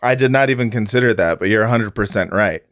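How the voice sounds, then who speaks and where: A man co-hosting a podcast in loose chat. His voice is crisp and smooth, recorded dry and close. He talks emphatically, swears freely and often laughs. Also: fairly low pitch, quick pace, a bit bright, no room sound. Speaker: podcast host. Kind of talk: casual chat.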